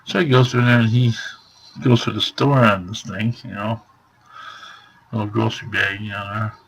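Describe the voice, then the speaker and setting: A man's voice: lowish voice, fairly even intonation, normal speed, vocal fry, a bit bright, husky, low-quality recording. A man telling a rambling, exasperated story about a store visit in a casual vlog, packed with fillers. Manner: rambling retelling full of fillers; exasperated complaining. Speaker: vlogger.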